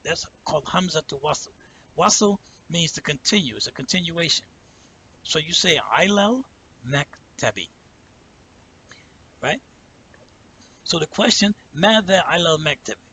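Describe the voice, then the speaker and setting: A man teaches a language lesson in a bright, forceful voice that sits a touch high. He explains step by step, slowing down for example words and often asking "right?". A faint rumble hums behind him. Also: poor audio. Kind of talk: patient spoken lesson.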